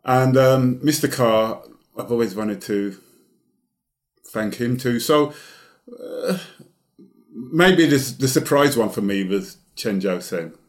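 A man's voice: mid-range voice, slow, pauses often. A man with a Birmingham accent, a guest on an interview podcast, answering in an earnest, rambling way. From Birmingham, England. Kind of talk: casual interview chat.

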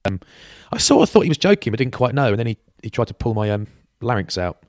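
A British man telling lively laddish stories in a casual podcast chat. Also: mid-range voice, quick pace, a little hiss or hum. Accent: British English. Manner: laddish banter, lively anecdotes with acted quotes. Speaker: podcast co-host.

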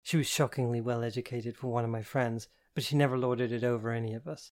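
A woman's voice: very deep voice, steady tone, quick pace, darkish tone. A woman narrating a first-person novel in a wry, fretful manner. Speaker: audiobook narrator.

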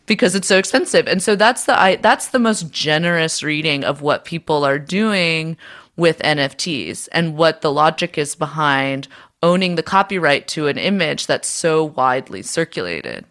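A woman with a low-pitched voice co-hosts a casual political podcast. She explains at length, restarting sentences, leaning on fillers, and swearing now and then. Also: lively intonation, normal speed, a bit bright. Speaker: podcast co-host.

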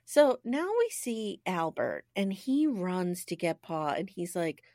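A lively woman co-host chats through a show recap, her pitch bouncing high and low as she acts out lines. She laughs often. The voice is close and dry, with no room sound. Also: slow, hardly any pauses, no echo. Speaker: podcast co-host. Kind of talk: casual recap chat.

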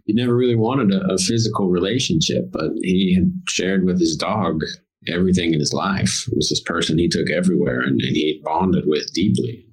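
A man with a very deep, husky voice talks as a podcast guest. He tells stories and gives spiritual advice in an earnest way, stretching out the words that matter most. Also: rough recording. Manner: slow, earnest, draws out key words.

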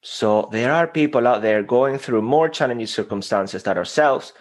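A man's voice: medium pitch, normal speed. A man whose first language is Spanish, speaking earnestly as a motivational guest in a podcast interview. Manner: earnest, motivational, self-deprecating.

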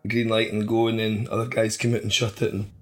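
A man's voice: fairly low pitch, monotone, quick pace, faint music behind. Laid-back man rambling. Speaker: podcast co-host. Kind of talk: casual chat.

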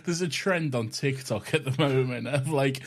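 A man co-hosting a podcast, chatty and quick to giggle. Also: medium pitch. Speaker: podcast co-host. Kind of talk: casual chat.

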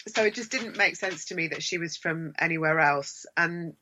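A woman's voice: lowish voice, moderate pace, sharp tone, slight background noise. A woman from Sussex, an actress guest chatting enthusiastically in an interview, rambling with restarts. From Sussex, England. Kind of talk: casual interview chat.

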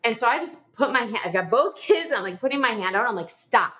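A woman's voice: on the high side, fast talker. A middle-aged woman, a podcast guest, telling a personal story in an interview, full of "like" and acting out past conversations. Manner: animated, frequent filler "like", reenacts dialogue.

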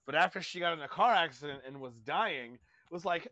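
High-voiced animated man, dry sound. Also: brisk, no echo, dull audio. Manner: laughing, animated. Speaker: podcast co-host. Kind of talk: casual chat.

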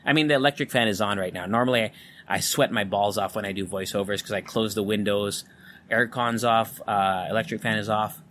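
A man's voice: lowish voice, fairly quick, fairly bright tone, slight background noise. A man with a neutral American accent hosting a solo podcast from his home, talking candidly and loosely, swearing freely. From Philippines. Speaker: podcast host. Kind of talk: casual solo podcast monologue. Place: home room with electric fan running. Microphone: studio condenser mic.

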